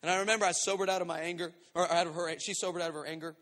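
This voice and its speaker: A high-voiced man with a bright, forceful tone preaches a lively storytelling sermon. He acts out the voices in his story and swings between shouts and quiet asides. The sound carries a long reverb from a large hall. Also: racing. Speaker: pastor.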